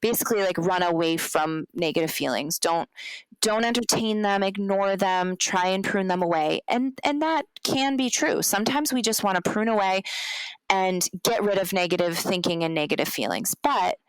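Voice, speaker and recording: A woman's voice: medium pitch, moderate pace, clean tone, no room sound, rough recording. A woman podcast guest working as a wellness coach, explaining in a casual, earnest way with frequent ums and likes. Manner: earnest, repeats words, many ums and likes.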